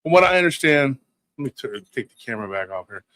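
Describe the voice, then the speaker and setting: A male podcast host in loose, joking banter who drifts between thoughts. His voice sits at an ordinary pitch and sounds dry and close. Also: big pitch swings, fast, fairly bright tone, dry recording. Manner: rambling, joking, trails off. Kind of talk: casual chat.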